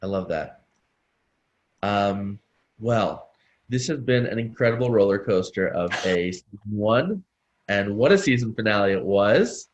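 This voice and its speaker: A man's voice: lowish voice, measured pace, slight background noise. Man moderating on muffled call audio. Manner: relaxed, slightly choked up. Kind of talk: casual panel chat. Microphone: video call.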